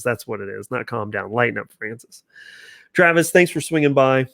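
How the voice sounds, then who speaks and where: A man at an ordinary mid pitch hosts a casual livestream from a home studio, reacting to viewer comments as they come in. He talks loosely and chattily, often restarting his sentences. The sound is dry and close, with no room echo. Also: normal speed, creaky, fairly bright tone. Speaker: channel host.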